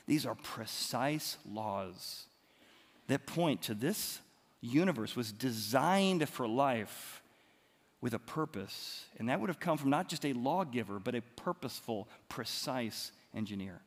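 A man preaching a sermon, animated, moving from loud emphatic lines to quiet ones. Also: medium pitch, measured pace. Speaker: pastor. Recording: long hall reverb.

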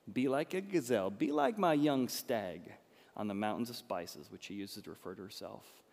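A man preaching a sermon as pastor, passionate, moving between soft and emphatic delivery. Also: mid-range voice. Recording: long hall reverb.

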